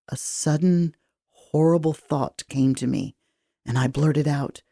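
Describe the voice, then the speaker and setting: Low-voiced woman narrating an audiobook. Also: unhurried, mellow, no room sound, studio quality. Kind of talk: first-person audiobook narration.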